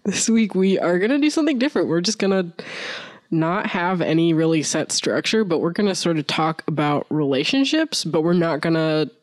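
Rambling young podcast host, dry sound. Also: male voice, fairly high pitch, lively intonation, a little fast, no room sound. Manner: rambling, laughs often. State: recovering from illness. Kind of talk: casual chat.

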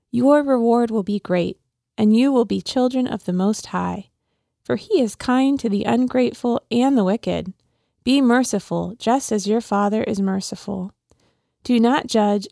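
Woman with a gravelly, dry voice reading scripture. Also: medium pitch, warm tone, dry recording. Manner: laughs easily, reads steadily. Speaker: podcast co-host. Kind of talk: casual chat and scripture reading.

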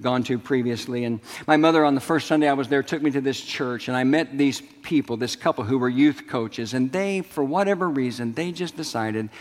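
A middle-aged male pastor delivers a sermon to his congregation, mixing stories with calls for them to respond. His voice sits at an ordinary pitch for a man. It rings out with a long reverb through a large sanctuary. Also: fairly quick, few pauses. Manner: storytelling, asks the congregation to respond.

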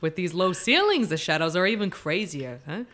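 A woman's voice: on the low side, sing-song, normal speed, a bit bright. A woman co-hosting a podcast, asking wry, teasing questions in a casual chat. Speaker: podcast co-host.

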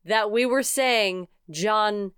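A woman's voice: medium pitch, slow, fairly bright tone, smooth, no echo, clean studio sound. Giggly woman podcast co-host. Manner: giggly, self-mocking. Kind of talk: casual chat.

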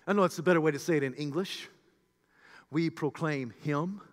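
A man preaching a sermon with passion, swinging from shouted peaks to hushed low passages. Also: normal speed, in a large hall.

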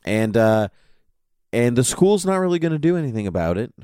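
A man co-hosting a podcast in casual chat, chatty and quick to laugh and sing a line. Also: medium pitch, big pitch swings, mellow, smooth, no room sound, clean studio sound. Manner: chatty, breaks into song and laughter. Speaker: podcast co-host.

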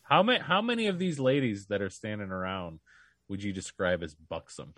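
A man's voice: lowish voice, lively intonation, moderate pace, fairly bright tone, no room sound. A man co-hosting a podcast, telling crude jokes and acting out quoted voices in casual banter. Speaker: podcast co-host.

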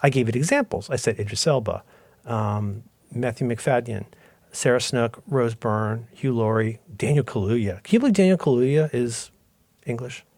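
A man co-hosting a podcast in casual chat, telling stories with quick asides and animated energy. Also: medium pitch, no room sound. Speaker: podcast co-host.

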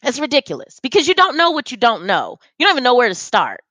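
A woman's voice: a little high, wildly swooping pitch, quick pace, sharp tone, no echo. A woman guest talking on a video call, emphatic and profane, often restarting her sentences. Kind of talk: casual conversation.

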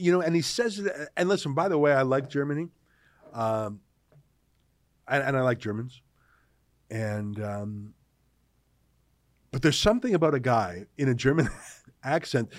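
A man from Canada hosting political commentary, talking in an animated, sarcastic way. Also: medium pitch, normal speed, long pauses, dry recording. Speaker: host.

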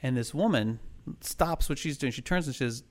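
A man's voice: medium pitch, normal speed. A man in casual chat, telling a ghost story in a rambling way, full of fillers and restarts.

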